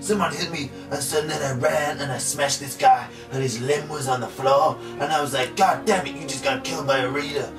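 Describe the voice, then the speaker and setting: A man's voice: medium pitch, steady tone, brisk, few pauses, natural voice. A man playing a boastful macho rugby player in an improvised comedy monologue, rambling and full of "like" and "you know". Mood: blustering. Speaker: comic character in an amateur trailer. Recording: roomy amateur video from far off with music.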